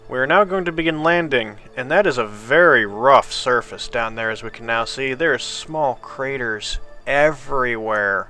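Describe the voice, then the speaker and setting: A man's voice: medium pitch, normal speed, hardly any pauses, bright, forceful tone, soft background music. A sleepy man casually commenting on his gameplay, thinking aloud at a drifting pace. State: sleepy, yawning. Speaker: gameplay video host.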